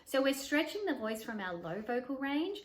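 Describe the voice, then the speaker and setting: A woman voice coach giving an instructional talk to camera, demonstrating vocal exercises by shifting her pitch and volume. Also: big pitch swings, moderate pace. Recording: roomy echo.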